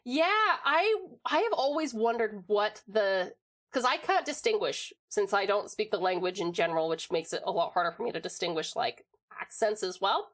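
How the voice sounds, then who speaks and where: A woman's voice: medium pitch, lively intonation, normal speed. An American woman in casual chat on a livestream from home, rambling and laughing often as she answers chat. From United States.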